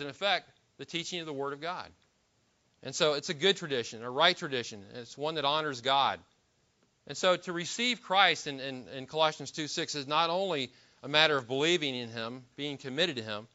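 A man's voice: on the high side, sharp tone, highs cut off. A man preaching a sermon in an emphatic manner, with frequent restarts and rhetorical questions. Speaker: pastor.

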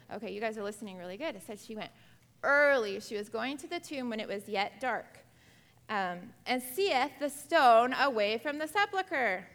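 A woman's voice: mid-range voice, creaky, big-room sound. A woman teaching a Bible lesson to a class of girls, asking them many questions and acting out quotes. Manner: animated, acts out quotes.

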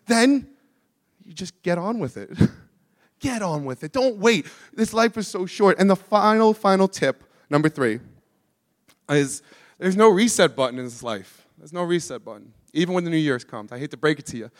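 A young adult man preaching a sermon as pastor, casual and animated, dropping slang asides between earnest points. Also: high-pitched, moderate pace.

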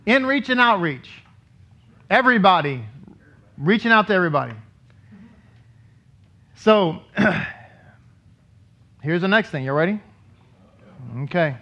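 A man's voice: sits high, animated, takes it slowly, long pauses, sharp tone. A man leading his congregation as rabbi, giving a sermon in a conversational way and asking them questions, heard in a synagogue sanctuary. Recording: dull lo-fi recording.

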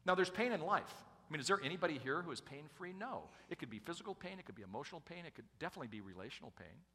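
A middle-aged man preaching, his bright, forward voice ringing out in a large church hall with a long reverb tail. He tells stories casually and pokes fun at himself. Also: fairly high pitch, lively intonation, very fast. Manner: self-deprecating, conversational storyteller. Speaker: pastor. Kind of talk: sermon with personal storytelling.

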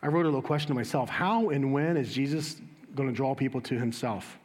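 Animated male pastor preaching in a hall. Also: fairly quick. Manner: animated, voice jumps high when quoting Jesus. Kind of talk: sermon. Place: church.

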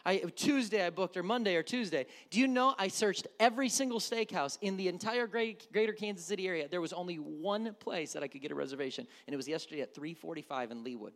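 A male pastor preaching a sermon, swinging from loud urgent passages to hushed near-whispers and acting out quoted prayers. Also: high-pitched, animated, fast, few pauses. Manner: acts out quoted prayers and everyday voices.

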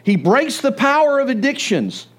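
A man preaching a sermon, telling the story with animated storytelling. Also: very high voice, moderate pace. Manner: animated storytelling, acts out voices. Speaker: pastor.

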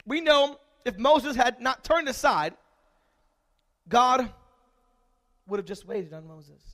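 A male pastor delivering a sermon in a notably high, bright voice. He tells a relaxed story at first, then builds to loud, repeated calls to the congregation. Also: slow pace.

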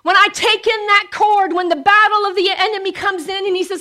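A high-pitched woman in middle age delivers an impassioned sermon. Her voice is bright and ringing, and she builds to emphatic declarations. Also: steady tone, normal speed, hardly any pauses. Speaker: preacher.

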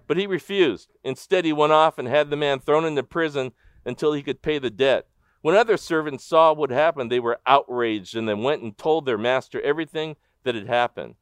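A man preaching a sermon as pastor, animated in his storytelling and asking the congregation direct questions. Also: mid-range voice, smooth, dry recording. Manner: animated storytelling, acting out the crowd's disbelief.

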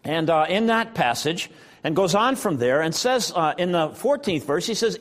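A man's voice: on the high side, big pitch swings, normal speed. A man preaching a sermon as pastor, talking in a conversational way with frequent fillers as he retells scripture.

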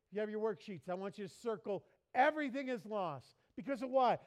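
High-voiced man preaching a playful sermon. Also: fairly quick, hardly any pauses. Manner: lively, playful, mimics people for laughs. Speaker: pastor. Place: church.

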